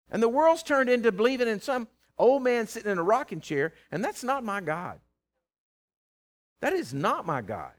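A man preaching a sermon, folksy and teasing, swinging from loud to hushed. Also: high-pitched, big pitch swings, moderate pace. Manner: plain-spoken, folksy, teasing.

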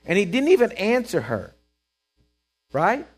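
A man's voice: sits high, huge pitch swings, measured pace. A man preaching a sermon in a conversational way, checking in with his listeners and acting out Bible characters. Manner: acts out Bible characters in quoted voices.

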